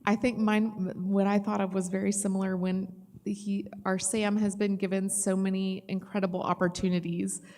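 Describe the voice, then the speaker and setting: A woman's voice: medium pitch, level tone, moderate pace, a little mellow. A woman, a parent, chatting proudly about her son with frequent restarts. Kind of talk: personal testimony. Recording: reverberant room.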